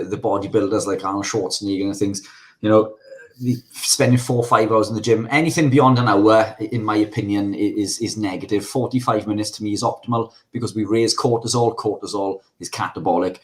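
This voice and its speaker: A man's voice: on the low side, steady tone, brisk. A man as a guest in a casual podcast discussion, talking in an agreeable, chatty way with many fillers.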